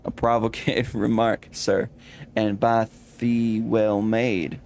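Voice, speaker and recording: A man doing a pompous archaic gentleman. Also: lowish voice, level tone, slow pace, gravelly, a little hiss or hum. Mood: haughty. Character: stiff, formal old-fashioned gentleman speaking archaic English.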